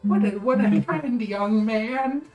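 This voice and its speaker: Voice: mid-range voice, slow, highs cut off, pitched above the performer's own voice, lightly acted. A player voicing a polite old beggar man in a tabletop game, with old-fashioned courtesy, in an echoey room with faint music. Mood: courteous.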